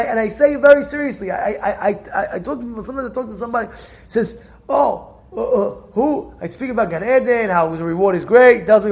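High-voiced man giving a lively Torah talk. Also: gravelly. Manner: animated storytelling with repeated phrases and quoted dialogue. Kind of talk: informal Torah lesson.

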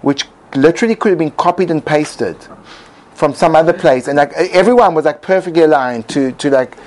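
Musing aloud as host of a reflective talk, this man keeps restarting and filling pauses. He speaks briskly in a high-leaning, darkish voice. Faint background noise sits under a low-quality recording.

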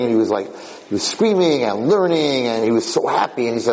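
A man with a mid-range voice teaches an informal Torah class as a rabbi, speaking fast and telling stories with energy. He keeps restarting and repeating phrases. Poor audio carries a big-room sound.

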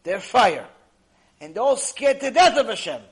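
A man, a rabbi, teaching a Torah lecture, retelling the story dramatically with sudden loud and soft swings and Hebrew religious terms. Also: extremely high pitch, big pitch swings, moderate pace.

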